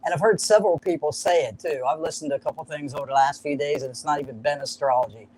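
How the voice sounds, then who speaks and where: A man's voice: a little high, fast, a crowd in the background, rough recording. A man explaining an astrology chart in a live-streamed chat, indoors at a farm, with an upbeat, jokey, explanatory manner.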